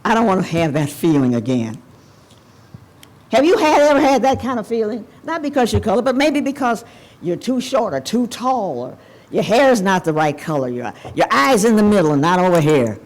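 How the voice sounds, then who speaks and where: Lively older woman telling her story. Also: medium pitch, a little fast. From Evanston, Illinois. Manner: candid, animated storyteller, talks straight to the audience. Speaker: commencement speaker. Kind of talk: personal storytelling speech. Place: banquet hall ceremony.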